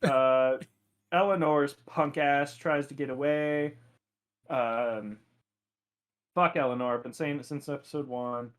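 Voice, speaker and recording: A man's voice: medium pitch, steady tone, takes it slowly, pauses often, fairly bright tone. A man co-hosting a podcast, recapping an episode in casual, profane chat and laughing a lot. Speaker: podcast co-host.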